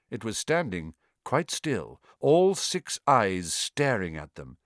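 A man narrating an audiobook in an expressive, dramatic reading. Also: mid-range voice, no echo, studio quality.

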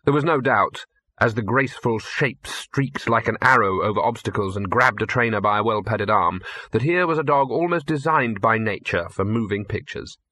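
A man's voice: on the low side, normal speed, pushed and bright, no room sound. A man reading a comic fantasy story aloud in a dry, wry storytelling manner. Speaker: audiobook narrator. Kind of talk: scripted narration.

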